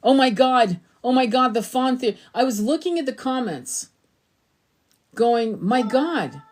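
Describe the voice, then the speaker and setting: A middle-aged woman hosting a tarot channel, talking in a rambling, emphatic way, swearing freely and acting out quotes in a higher voice. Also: measured pace. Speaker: tarot reader and spiritual channel host. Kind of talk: casual spiritual monologue.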